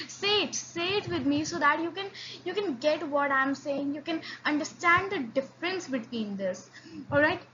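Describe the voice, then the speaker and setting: A woman's voice: high voice, animated, normal speed, sharp tone, dull audio, slight background noise. A woman teaching a beginner language lesson, patient and encouraging, often restarting and repeating sounds for learners to copy. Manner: frequent restarts and fillers.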